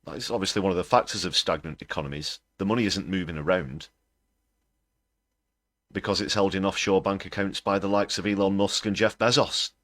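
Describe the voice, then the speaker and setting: A livestream host with a very deep, slightly bright voice delivers political commentary in a sarcastic, scornful manner. He talks briskly with fairly even intonation. The recording is dry and close, with no room sound.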